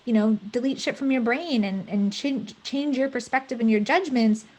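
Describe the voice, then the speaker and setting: A woman's voice: a little high, moderate pace, darkish tone. A woman guest on a podcast, a therapist talking through her creative project in a reflective way with lots of trailing fillers. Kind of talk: casual podcast conversation.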